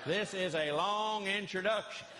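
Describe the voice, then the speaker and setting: A middle-aged man telling animated, folksy comic stories as a Christian comedian in front of a live audience. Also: sits high, measured pace, very noisy. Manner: folksy, animated, acts out voices of others. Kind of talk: live stand-up storytelling. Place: church hall with a live audience.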